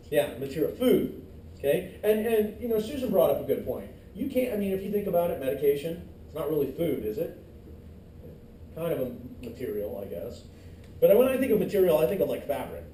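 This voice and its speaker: A man's voice: high-pitched, animated, normal speed, mellow, a little hiss or hum. A middle-aged male teacher giving a classroom lecture, quizzing the class and cracking jokes, recorded from far off in an echoey classroom. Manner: joking asides, quizzes the class.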